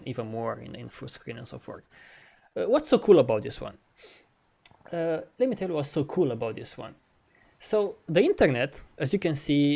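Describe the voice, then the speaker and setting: Animated, swearing man demoing software. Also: on the high side. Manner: animated and profane, mimics dialogue, laughs. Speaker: co-host. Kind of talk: casual chat, screen-share demo.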